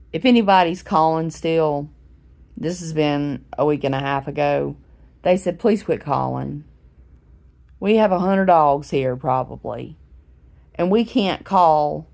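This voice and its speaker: A woman in her forties speaks slowly in a low voice, like a vlogger talking to her viewers. She rambles and fills the gaps with ums, and she sounds a bit unwell while she sits in her recliner at home. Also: darkish tone. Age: 40s. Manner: rambling, chatty storytelling with many fillers. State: unwell, recovering from a head injury. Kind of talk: casual talking-to-camera vlog.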